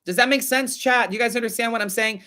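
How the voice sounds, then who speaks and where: A man hosting a casual live-stream tarot reading, chatty and animated, swearing now and then as he talks to his viewers. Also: very high voice, quick pace. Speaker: tarot reader host.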